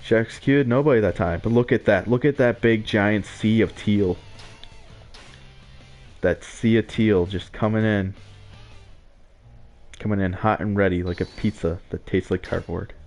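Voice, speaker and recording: A man's voice: on the low side, normal speed, long pauses, darkish tone, faint music behind. A young man giving casual, rambling commentary over his gameplay, with frequent filler words and chuckles. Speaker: let's play gamer.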